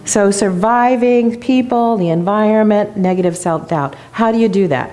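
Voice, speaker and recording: A woman's voice: medium pitch, moderate pace, dark tone. A woman guest speaker giving an enthusiastic motivational talk in a church, telling a joke story. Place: church sanctuary.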